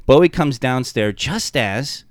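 A man telling a podcast about the tabletop session he ran as game master. He talks in an animated way, and his pitch swings a lot. His voice is smooth and clear on a close, dry mic. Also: unhurried, dry recording. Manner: animated storyteller. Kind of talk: casual chat, recounting a game session.

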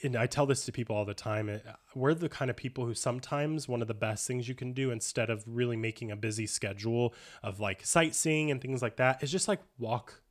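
A man's voice: mid-range voice, a little fast, few pauses. Enthusiastic man co-hosting a podcast. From United States. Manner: enthusiastic, animated storytelling. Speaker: podcast co-host. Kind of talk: casual chat.

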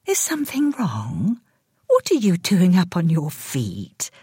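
A woman reading a story voices a patient, kind care-home carer in a slow, half-whispered, reassuring manner. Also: on the low side, wildly swooping pitch, dark tone, husky, heavily acted. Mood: soothing. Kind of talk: audio drama reading.

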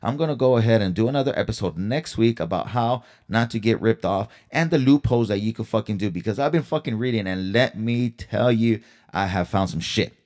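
With a fairly low pitch and darkish tone, a man talks a little fast while hosting his own podcast. It's a solo storytelling rant where he vents angrily, swears a lot and asks his listeners rhetorical questions.

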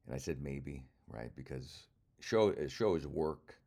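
A man's voice: extremely low pitch, animated, unhurried, gravelly, dark tone. An older man, a comedian, talking through a casual rambling monologue in a wry, self-mocking way and swearing freely.

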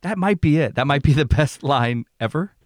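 A man's voice: a little high, lively intonation, no room sound. Man hosting a casual film podcast, dry sound. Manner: casual, swearing, quick to laugh. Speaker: podcast host.

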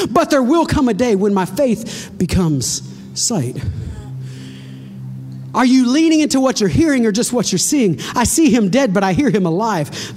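A woman's voice: medium pitch, a little mellow. A woman preaching a sermon to her congregation, retelling a story dramatically with rhetorical questions and direct address.

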